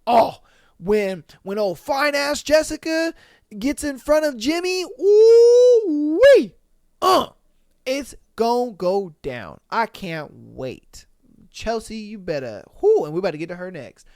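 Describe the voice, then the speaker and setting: Man for a casual commentary podcast: lively, slangy, laughs a lot, recorded dry and close. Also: high voice, unhurried, no echo. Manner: animated, slangy, laughs often. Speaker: podcast host. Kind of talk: casual reality-show commentary.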